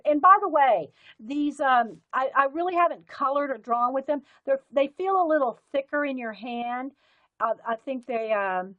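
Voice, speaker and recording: A woman's voice: fairly high pitch, a bit bright, dry recording, highs cut off. Chatty woman sorting pens. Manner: chatty and rambling, talks while sorting pens. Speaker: livestream host. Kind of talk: casual live-stream chat.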